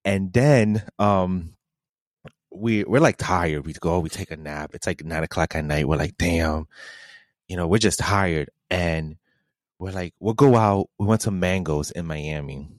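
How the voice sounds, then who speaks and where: A man's voice: sits low, measured pace, no room sound. A man co-hosting a podcast, telling a story in casual chat, laid-back, laughing often and quoting his friends. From New York City. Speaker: podcast co-host.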